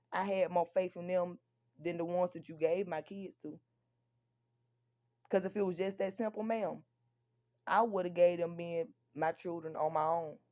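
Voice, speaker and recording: A young woman venting on a live stream, profane and confrontational, going from tired and quiet to loud and angry. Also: medium pitch. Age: young adult. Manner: drops to weary, quieter stretches. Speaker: livestreamer. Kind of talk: heated live-stream rant.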